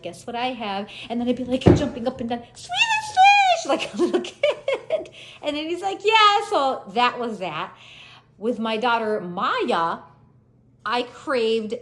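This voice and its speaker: A woman in her thirties chatting casually to her viewers, telling funny family stories with lively, laughing delivery. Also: lowish voice, slight background noise. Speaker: vlogger. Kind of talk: casual storytelling chat.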